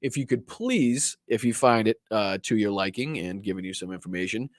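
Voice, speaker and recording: A man with a Boston accent hosts a live political stream in a swearing, sarcastic, rambling style. His voice sits fairly low and sounds close and dry, with almost no room around it. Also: animated, fairly quick, no room sound. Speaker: political commentary host.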